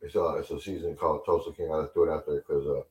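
A man's voice: extremely low pitch, steady tone, fast, darkish tone. A man hosting a casual podcast in a laid-back way, asking short questions.

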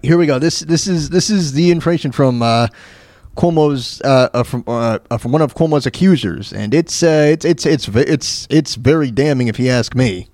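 A man's voice: medium pitch, darkish tone, no echo. A man hosting a podcast who comments casually on news clips, rambling and hesitant with many fillers and restarts. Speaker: podcast host.

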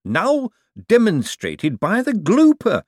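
A man voicing an eager, fussy little male bank economist who talks slowly and earnestly. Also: high-pitched, huge pitch swings, no room sound, studio quality, voice pushed up, full character voice.

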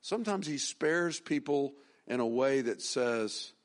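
A man's voice: mid-range voice, animated, a little slow. A middle-aged man preaching a sermon as pastor, talking in a conversational, folksy way, with restarts and rising emphasis.

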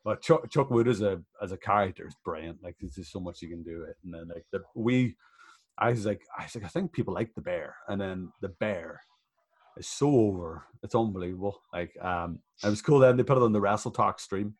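A man's voice: low-pitched, fairly quick. A man chatting casually on a podcast about wrestling shows, laughing often and swearing freely. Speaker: professional wrestler guest.

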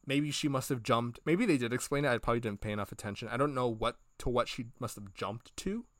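A man's voice: medium pitch, fast talker, dry recording, studio quality. A man co-hosting a podcast, retelling scenes in a rambling, casual way and acting out the characters' lines. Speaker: podcast co-host. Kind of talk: casual review chat.

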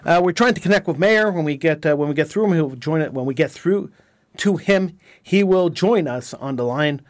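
On a talk radio show, a man with a high voice speaks forcefully and indignantly, often stumbling and repeating himself. He talks at a normal speed, and the recording is dry and close, with hardly any room around him.

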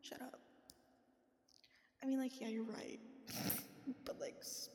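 A woman's voice: high-pitched, little pitch movement, a little slow, dark tone, reverberant, long reverb tail. A woman chatting casually into her phone while lying in bed, rambling and swearing, often dropping to a whisper. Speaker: podcast host.

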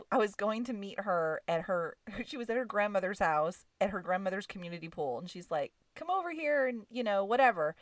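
A woman's voice: medium pitch, fairly bright tone, dry recording. A middle-aged woman co-hosting a podcast, telling a story in a casual, rambling way and searching for words. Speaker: podcast co-host. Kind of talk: casual chat. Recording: voice a bit far from the mic.

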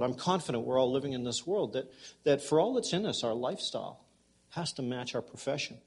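Husky-voiced man preaching a sermon. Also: a little high. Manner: conversational preaching with folksy humor; addresses congregation members directly. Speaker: pastor.

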